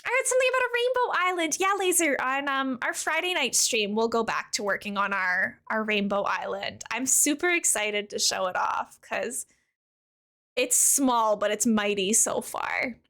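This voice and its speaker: A woman game streamer chatting casually with viewers while she plays, chatty and quick to giggle. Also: fairly high pitch, sharp tone. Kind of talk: casual live-stream chat while playing.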